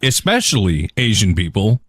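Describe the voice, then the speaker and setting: Brief: lower-voiced man co-host, rambling casual talker, swinging pitch. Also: sing-song, moderate pace, fairly bright tone, husky. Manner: rambling, lots of fillers and restarts, says dude. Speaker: podcast co-host. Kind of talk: casual chat.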